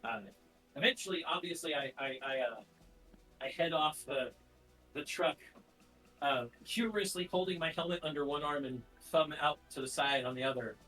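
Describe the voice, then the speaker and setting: A man with a somewhat high voice plays in a tabletop game, hesitant and full of fillers. He sounds distant from the mic, with music in the background. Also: normal speed, bright, forceful tone. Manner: hesitant, stacks fillers and repeats words. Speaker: player. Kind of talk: tabletop game role-play.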